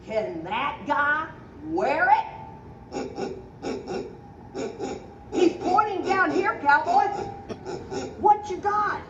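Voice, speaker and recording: A woman hosting a community video, talking in a teasing, animated way to a man and a set of stuffed toys. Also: extremely high pitch, extremely slow, long pauses. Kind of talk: playful skit narration. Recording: echoey, dull, faint background noise.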